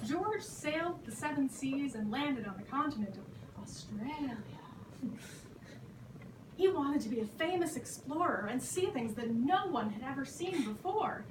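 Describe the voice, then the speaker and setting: A woman performing a playful, animated children's story on a theater stage. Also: high voice, background noise. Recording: echoey hall from far off.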